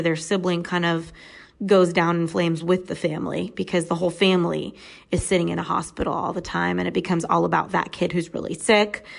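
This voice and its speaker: A woman in her thirties with a gravelly, rather low voice hosts a podcast. She shares a personal story in a candid, conversational manner.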